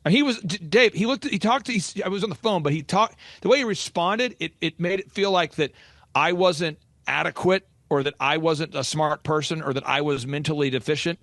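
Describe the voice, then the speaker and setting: Fast-talking, energetic male podcast host. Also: on the high side, no room sound. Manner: animated storytelling, quick and emphatic. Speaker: business coach and podcast host. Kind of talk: energetic casual podcast talk.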